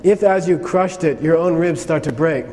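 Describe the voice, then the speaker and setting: The speaker is a man explaining karma in a Buddhist lecture, speaking casually and frequently checking in with "okay?" His voice leans high and darkish, at a normal speed. There's a long reverb and a bit of faint noise.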